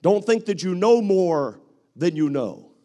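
A male preacher delivering a dramatic sermon, acting out quoted voices and swinging from loud to hushed. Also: high voice, animated, measured pace.

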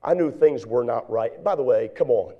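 A pastor preaching a sermon in church, swinging from hushed, quiet lines to shouted, fervent exhortation. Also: male voice, medium pitch, animated, moderate pace, highs cut off.

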